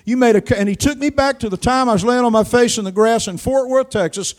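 An older male preacher with a high-pitched voice delivering a sermon. He tells a personal story dramatically, dropping to a hush and then surging loud. His delivery is lively and emotional. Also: quick pace. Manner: dramatic storytelling with sharp swings in loudness.

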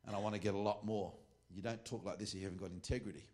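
A man's voice: on the low side, steady tone, very fast, darkish tone. A middle-aged Australian man preaching an informal sermon to a ministry class, rambling, joking and correcting himself as he goes. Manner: rambling and joking, with frequent asides and self-corrections.

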